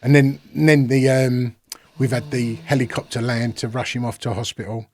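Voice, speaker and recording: With a mid-range voice that shows little pitch movement, a London man talks at a moderate pace over slight background noise. He is a podcast guest telling a rambling, casual story, swearing freely and acting out dialogue.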